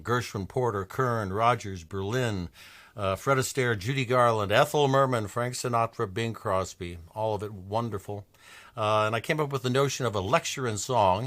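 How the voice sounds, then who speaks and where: A man in his seventies from New Mexico gives an anecdotal music lecture, telling stories with enthusiasm and halting restarts. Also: lowish voice, fairly bright tone. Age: 70s. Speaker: lecturer and pianist-singer.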